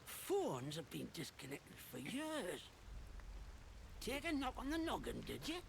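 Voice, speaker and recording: An actor voicing a wary, chatty male survivor in a game, with a gravelly, rambling way of talking. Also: sits high, wildly swooping pitch, unhurried, slight background noise, heavily acted. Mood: wary chatter. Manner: rambling, gossipy, suspicious of strangers. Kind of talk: video game dialogue.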